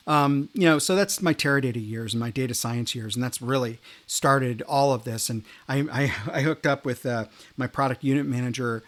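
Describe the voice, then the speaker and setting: A middle-aged man hosting a podcast, rambling through animated career anecdotes in a casual monologue. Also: medium pitch, moderate pace, few pauses. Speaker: podcast host.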